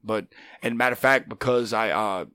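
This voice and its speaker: Animated storyteller man, dry close sound. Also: on the low side, normal speed, clear, resonant tone, no room sound. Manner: animated, acts out dialogue in quoted voices. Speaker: wrestling trainer, guest. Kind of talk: casual storytelling.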